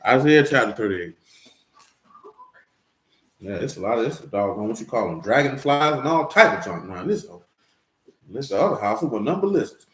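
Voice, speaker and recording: A man's voice: medium pitch, very animated, normal speed, pauses often, a bit bright. A man preaching in a casual, blunt way, with profanity and jokes mixed into his teaching. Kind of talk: casual sermon-style teaching. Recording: roomy echo.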